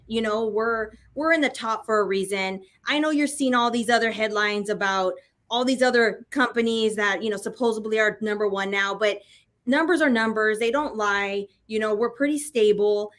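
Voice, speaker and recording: A woman's voice: a little high, moderate pace. A woman co-hosting a casual business chat, talking in a loose, rambling way. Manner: rambling, many fillers and restarts. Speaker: co-host of a real estate broker talk.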